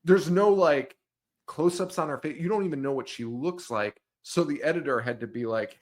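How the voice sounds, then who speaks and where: A man's voice: fairly high pitch, normal speed. A man co-hosting a movie podcast in casual chat, joking and laughing often as he recaps scenes. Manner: joking, laughs often, acts out silly quotes. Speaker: podcast co-host.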